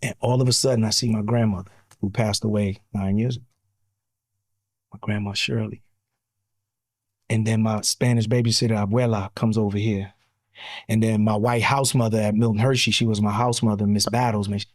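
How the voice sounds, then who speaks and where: Brief: fifties male podcast guest, expressive raconteur, dry studio voice. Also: lowish voice, normal speed, no echo. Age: 50s. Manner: expressive, acts out quotes, laughs, swears casually. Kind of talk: animated storytelling.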